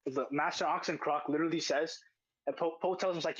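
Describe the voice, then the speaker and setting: A man's voice: on the high side, fairly even intonation, brisk, no room sound, muffled recording. A man hosting a casual podcast chat, arguing emphatically and repeating his points as he reacts to a video. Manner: argumentative, emphatic, repeats phrases. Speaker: podcast host.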